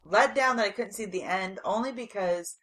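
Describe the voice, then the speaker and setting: A woman's voice: mid-range voice, normal speed, fairly bright tone, low-quality recording. A young adult woman co-hosting a laid-back movie review show. She talks bluntly with an exasperated, joking edge, in an everyday middle-range voice. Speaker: podcast co-host. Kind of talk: casual movie review chat.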